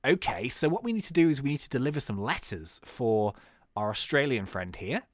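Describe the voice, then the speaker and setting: A man's voice: medium pitch, big pitch swings, brisk, dry recording, studio quality. A man giving casual, playful game commentary, thinking aloud as he plays. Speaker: gaming YouTuber.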